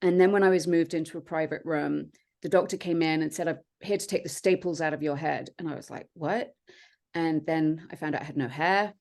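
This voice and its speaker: A woman, a podcast guest, telling her own story in an earnest, reflective way with many pauses and fillers. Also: low voice, steady tone, darkish tone. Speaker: podcast guest, transformation coach. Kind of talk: personal storytelling in conversation.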